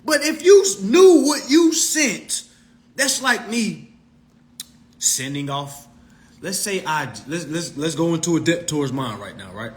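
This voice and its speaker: A man's voice: on the high side, big pitch swings, a little slow. A man coaching followers on consumer law in a profane, mocking rant. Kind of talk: ranting monologue to followers.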